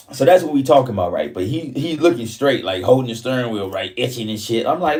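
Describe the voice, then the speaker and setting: A man telling a story in casual, profane street talk, his voice jumping up high whenever he quotes himself. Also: animated, quick pace, few pauses, a little mellow, far from the mic.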